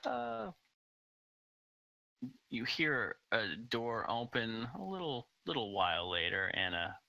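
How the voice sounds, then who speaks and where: Slow, halting man narrating a game. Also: mid-range voice, big pitch swings, vocal fry, pushed and bright, dry recording, muffled recording. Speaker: game master.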